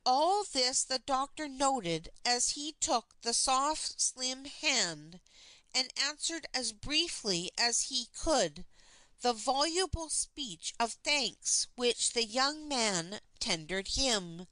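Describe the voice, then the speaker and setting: Slow, expressive woman narrating a novel. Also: sits high, no room sound, poor audio. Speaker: audiobook narrator. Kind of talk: unabridged novel reading.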